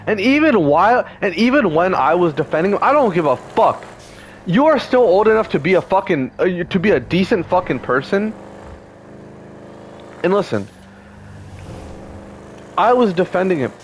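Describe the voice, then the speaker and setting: A man's voice: high-pitched, big pitch swings, normal speed, long pauses, slight background noise, rough recording. A man in his twenties telling a painful personal story, heated, profane and upset, close to tears. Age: 20s. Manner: heated, profane, repetitive fillers.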